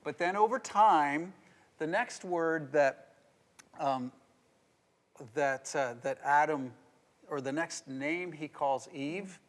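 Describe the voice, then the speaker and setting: A middle-aged man, a pastor, teaching a marriage devotional in a playful, animated way and laughing as he goes. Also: fairly high pitch, slow pace, long pauses. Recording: long reverb.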